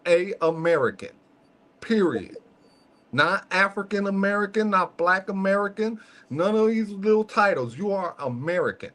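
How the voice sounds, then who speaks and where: Male host with a high voice, casual and slangy, emphatic, fond of rhetorical check-ins. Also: expressive, moderate pace, fairly bright tone. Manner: emphatic, peppers points with "okay?"; slangy, conversational. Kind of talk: casual podcast chat.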